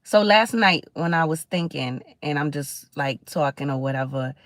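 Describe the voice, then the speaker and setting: A chatty middle-aged woman hosts her livestream, speaking in a fairly low voice. She talks in a preachy, conversational way and greets viewers as she goes. The sound is dry and close, with no room echo. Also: animated, moderate pace. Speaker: livestream host. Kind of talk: casual livestream talk.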